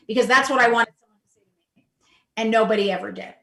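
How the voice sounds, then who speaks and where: A woman on a panel speaking earnestly about her own experience, with halting restarts, over a video call. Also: on the high side, vocal fry, sharp tone, roomy sound. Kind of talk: panel discussion.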